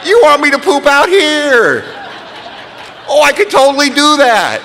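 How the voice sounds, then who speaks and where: A man voicing an overjoyed, eager male puppy, gushing in a high, breathless voice in an echoey hall. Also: sing-song, a little slow, pushed and bright, a faint crowd, slight background noise, heavily acted. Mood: giddy.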